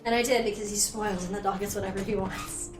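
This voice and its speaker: A woman's voice: mid-range voice, steady tone, fast, reverberant, recorded from a distance, music in the background. A young woman casually commenting on her strategy game play, chatty and sarcastic, swearing now and then. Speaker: gaming streamer. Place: home room.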